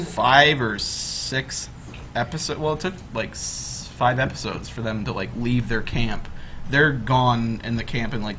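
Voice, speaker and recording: A man's voice: mid-range voice, fairly bright tone, a little hiss or hum. A young man hosting a casual group chat, rambling with lots of fillers and restarts.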